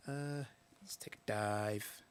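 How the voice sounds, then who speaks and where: A man's voice: on the low side, slow pace, slight background noise. A man hosting a casual live stream, thinking aloud and muttering words to himself as he works through a list.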